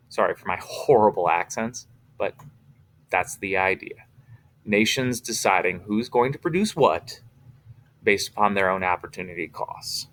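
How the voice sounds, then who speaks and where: A man's voice: low voice, moderate pace, fairly bright tone. A male teacher giving a casual recorded lecture, explaining informally with fillers.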